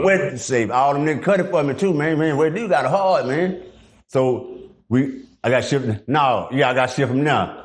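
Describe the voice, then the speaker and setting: Middle-aged man, animated storyteller, profane, acts out voices, mid-pitched. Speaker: guest. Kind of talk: casual storytelling interview.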